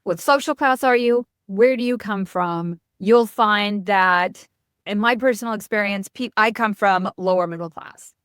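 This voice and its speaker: A middle-aged woman from New York, a marketing expert speaking as a podcast guest, blunt and animated, often breaking off mid-sentence. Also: mid-range voice, measured pace, clean tone, no room sound, studio quality. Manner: blunt, animated, self-interrupting. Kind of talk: casual podcast interview.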